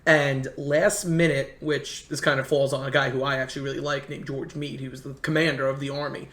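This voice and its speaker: A man's voice: mid-range voice, little pitch movement, a bit bright. Man telling rambling history stories, echoey room. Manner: rambling, halting history storyteller with many restarts. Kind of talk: casual storytelling chat.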